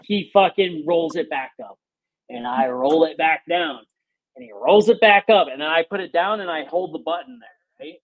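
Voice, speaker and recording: A man's voice: a little high, normal speed, narrow, tinny audio. A man hosting a podcast, telling casual, profane work stories and acting out what people said. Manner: profane, animated storyteller who acts out quotes. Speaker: podcast host. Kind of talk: casual storytelling chat.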